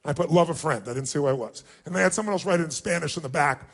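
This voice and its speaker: A man's voice: rapid-fire, a bit bright. A man giving a motivational speech, telling a personal story with emphatic, emotional delivery. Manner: emotional, emphatic storytelling with big pitch swings. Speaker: motivational speaker.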